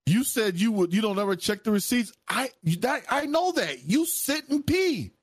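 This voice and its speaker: A man's voice: sits high, big pitch swings, normal speed, slightly rough, dry recording. A man co-hosting a stream, telling stories with emphatic repetition and heavy swearing. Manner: emphatic, repeats himself, swears heavily. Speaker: stream co-host. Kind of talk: animated profane storytelling.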